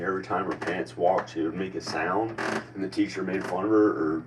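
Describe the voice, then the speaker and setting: A man's voice: low-pitched, steady tone, a little fast. Rambling man with a country accent. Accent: American country. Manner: meandering, self-questioning, many restarts. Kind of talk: rambling personal monologue. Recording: distant mic with faint background noise.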